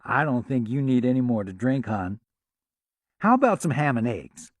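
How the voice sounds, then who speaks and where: A man voicing a warm, flirty middle-aged waitress at a truck stop, with a Southern accent and a coaxing, motherly manner. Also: mid-range voice, big pitch swings, normal speed, dry recording. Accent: American Southern. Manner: coaxing, motherly, calls people honey.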